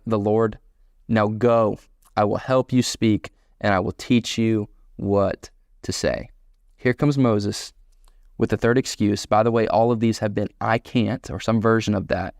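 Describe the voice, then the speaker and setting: A man preaching a sermon as pastor, animated and emphatic, voicing quoted dialogue in bursts. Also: mid-range voice, vocal fry, dry recording, studio quality.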